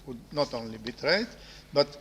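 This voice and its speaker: A professor hosting a conversational interview speaks with a Greek accent in a medium-pitched, expressive, slightly bright voice. He's slow and hesitant, using many fillers. Slight background noise and a hall's long reverb mark the recording.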